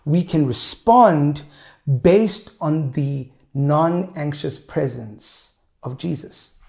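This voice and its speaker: A man in his thirties, a pastor preaching a sermon in a measured way, slowing down to stress key points. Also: a little high, vocal fry, darkish tone. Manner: measured preaching, slows for emphasis.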